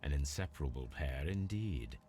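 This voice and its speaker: A deep, lively Victorian detective. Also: male voice, moderate pace, slight background noise. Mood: measured. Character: composed Victorian male detective, observant. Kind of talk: scripted game dialogue.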